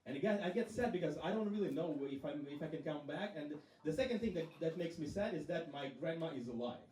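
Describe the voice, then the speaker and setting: A male stand-up comedian telling stories deadpan on a club stage, slipping into quick quoted voices. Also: fairly high pitch, slight background noise. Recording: roomy club sound from a distance.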